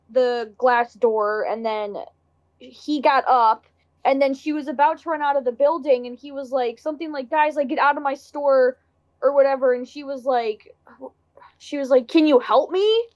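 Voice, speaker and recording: A woman's voice: high-pitched, steady tone, normal speed, highs cut off. A woman co-hosting a casual movie discussion, animatedly retelling scenes. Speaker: podcast co-host.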